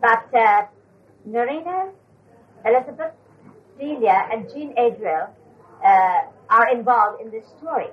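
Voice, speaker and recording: A woman's voice: on the high side, animated, unhurried, long pauses. An older woman retelling an anecdote from memory, hesitant with fillers, on a dull lo-fi recording. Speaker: storyteller.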